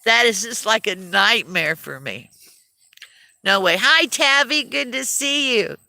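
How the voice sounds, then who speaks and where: A woman's voice: medium pitch, animated, a little slow, gravelly, pushed and bright, dry recording. A woman chatting casually on a livestream, self-deprecating and laughing often as she talks. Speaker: livestream host.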